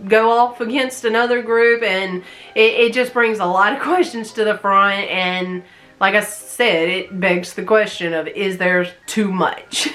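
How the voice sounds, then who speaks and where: A woman from the American South with a light Southern accent, chatting casually through a movie review and laughing often. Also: mid-range voice. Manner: chatty, animated, laughs often between remarks.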